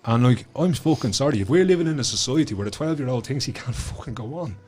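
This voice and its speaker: A man's voice: mid-range voice, fast, husky. A man with a Dublin Irish accent, a guest telling stories in casual podcast chat, blunt and swearing freely. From Ireland. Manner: blunt, swears a lot, animated storytelling. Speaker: guest author and school speaker. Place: studio.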